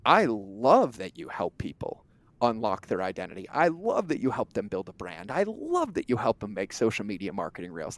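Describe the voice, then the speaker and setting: A man as a podcast guest, talking in an emphatic, animated way with casual language and occasional swearing. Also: on the low side, moderate pace, no room sound. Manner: emphatic, animated storyteller who acts out quoted exchanges. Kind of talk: conversational interview talk.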